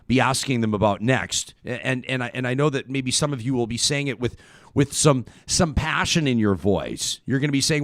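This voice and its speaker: A man's voice: medium pitch, normal speed, no echo. A man hosting a live talk show, asking guests questions in a conversational way and often repeating words as he restarts. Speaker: host.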